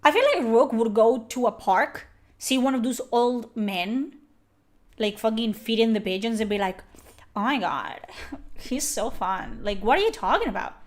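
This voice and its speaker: A woman's voice: on the high side, expressive, moderate pace. A young woman streaming a game and ranting about it, exasperated and swearing freely. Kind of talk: game reaction commentary.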